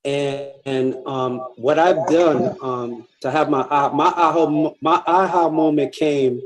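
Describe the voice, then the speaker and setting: A married man on a couples panel, answering in a thoughtful, measured way. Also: on the high side, fairly even intonation, rough recording. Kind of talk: casual panel discussion. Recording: crowd noise behind.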